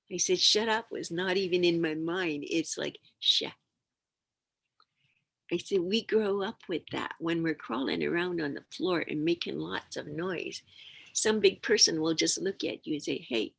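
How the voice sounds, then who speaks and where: An older woman sharing teachings as a storyteller, acting out the quiet hushing sounds and coaxing calls in her stories. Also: fairly low pitch, normal speed, vocal fry, breathy edge, poor audio. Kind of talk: storytelling talk.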